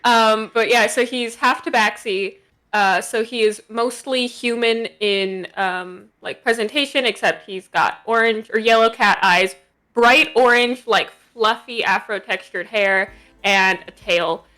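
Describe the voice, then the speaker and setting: A woman's voice: a little high, unhurried, sharp tone. A woman player in a tabletop game, talking in a casual, chatty way.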